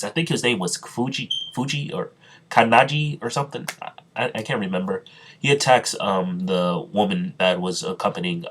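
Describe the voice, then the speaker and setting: A man with a lowish voice retells an anime story in a loose, rambling way. He stops often for fillers and corrections and reads the characters' lines without putting on voices. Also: fairly bright tone. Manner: rambling, halting, full of fillers and self-corrections, reads quotes in his own voice. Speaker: storyteller recapping an imagined anime plot. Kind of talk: casual spoken recap with quoted dialogue.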